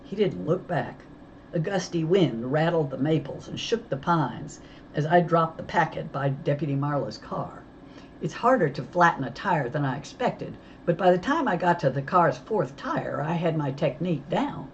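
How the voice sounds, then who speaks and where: A woman with a low voice reads a children's novel aloud, telling the story in a lively way. The recording is slightly dull with a faint hiss underneath. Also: moderate pace. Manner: lively storytelling, voicing characters. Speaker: audiobook reader.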